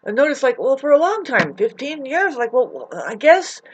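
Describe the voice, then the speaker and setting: A woman's voice: high-pitched, sing-song, normal speed, breathy edge, muffled recording. A woman venting in an unscripted vlog, upset and close to tears, rambling, swearing and often restarting her sentences. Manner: rambling, profane, loops back and restarts often. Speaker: vlogger. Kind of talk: unscripted emotional vlog monologue.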